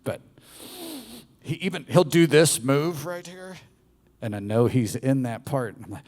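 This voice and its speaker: A man from the American South gives a live motivational talk in a bar venue, his medium-pitched voice carrying a long reverb from the room. He is playful and animated, addressing the audience directly, speaking unhurriedly with long pauses.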